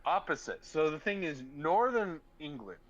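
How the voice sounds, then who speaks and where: A man's voice: fairly high pitch, big pitch swings, moderate pace, a bit bright, dull audio. A man from the United States chatting casually on a gaming stream, rambling and hesitant with lots of fillers.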